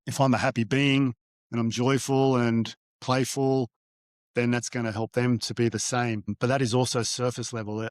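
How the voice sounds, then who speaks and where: A middle-aged man speaks at an everyday middle pitch, thinking aloud as he tells his story. He hesitates often and restarts his sentences, and the close mic gives a dry sound with no room echo. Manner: halting, with frequent fillers and restarts. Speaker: guest, divorced father. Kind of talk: reflective storytelling in an interview.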